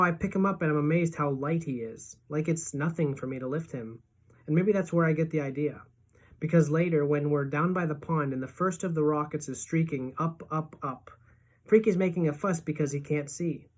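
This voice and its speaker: A woman teacher reading a novel aloud to her class in a lively storytelling manner. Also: low-pitched, moderate pace.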